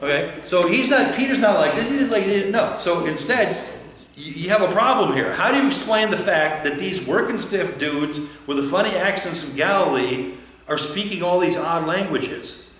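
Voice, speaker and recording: Man, pastor, conversational sermon, joking and questioning, somewhat high pitch, very reverberant church. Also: expressive, moderate pace, a bit bright, a little hiss or hum. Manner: chatty and joking, asks the listeners questions. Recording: very echoey church.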